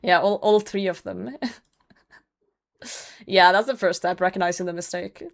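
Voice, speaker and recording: A woman's voice: on the low side, moderate pace, creaky. A young woman streaming a game, chatting casually with viewers, blunt and self-mocking, laughing often and swearing when frustrated. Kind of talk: casual live game commentary.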